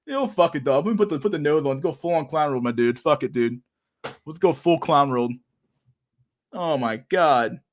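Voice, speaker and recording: A man's voice: fairly high pitch, lively intonation, normal speed. Profane, sarcastic young man streaming. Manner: profane, slangy, laughing, sarcastic. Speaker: livestream host. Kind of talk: casual livestream chat.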